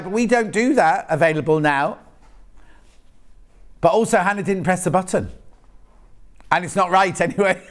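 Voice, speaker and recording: A man's voice: high-pitched, a bit bright. A man presenting live on a shopping channel, chatting and joking in rambling asides while selling fabric in a TV studio.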